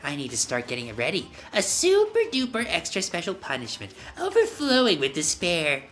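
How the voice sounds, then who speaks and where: A woman's voice: sits low, huge pitch swings, a little fast, faint music behind. A woman voicing a giggling, unstable villainous bear mascot in a let's play reading, taunting and dismissive.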